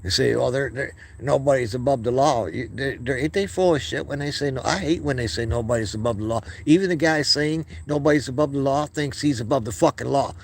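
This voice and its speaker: A man's voice: medium pitch, a little fast, hardly any pauses. A man hosting his own video channel, speaking in a heated, profane monologue and often stumbling and restarting his words. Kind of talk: casual ranting monologue.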